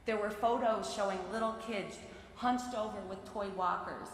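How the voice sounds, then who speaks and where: Woman, sermon from a pulpit, earnest and measured, mid-range voice, faint hiss behind. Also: mid-range voice. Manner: measured, earnest reading of prepared remarks. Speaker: lay speaker giving a sermon. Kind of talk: prepared sermon delivered from the pulpit. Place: large synagogue sanctuary. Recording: very echoey sanctuary with long reverb.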